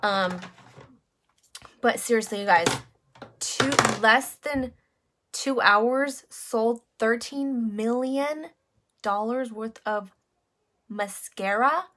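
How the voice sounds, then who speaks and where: Woman, 30s, chatty live-stream seller, a bit high-pitched, greets viewers, faint background noise. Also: drawn-out words, pauses often. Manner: chatty, greets viewers by name, many fillers. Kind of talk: casual live-stream chat.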